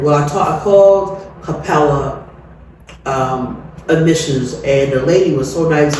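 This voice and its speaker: Middle-aged woman, interview guest, candid and lively, laughs easily; distant mic in a roomy space. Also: low-pitched, unhurried. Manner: animated, candid, laughs often. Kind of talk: personal storytelling. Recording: very echoey room, distant mic, faint noise.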